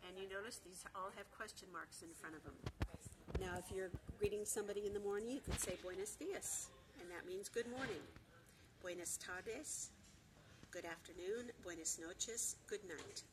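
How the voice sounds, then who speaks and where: A woman giving a beginner Spanish lesson, saying example phrases slowly and repeating them with care. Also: medium pitch, noisy background. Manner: slow, careful repetition of example phrases. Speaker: Spanish teacher.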